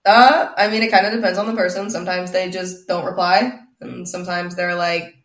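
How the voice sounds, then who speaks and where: A young woman chatting casually as a guest, with a dry, deadpan humor. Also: fairly low pitch, a little fast, reverberant. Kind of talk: casual chat.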